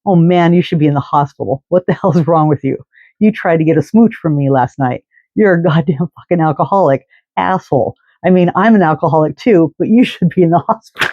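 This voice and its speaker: A man's voice: a little high, a little fast, dry recording, dull audio, lightly acted. A man voicing a drunk, foul-mouthed woman who slurs her words and scolds with a condemning tone. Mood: drunken scolding. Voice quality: slurred. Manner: condemning, abusive.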